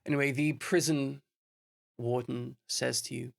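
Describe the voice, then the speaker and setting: A man's voice: medium pitch, steady tone, takes it slowly, creaky, pauses often, a bit bright. A man running a tabletop game as game master, laughing often and joking at his own expense. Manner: laughs often, self-deprecating.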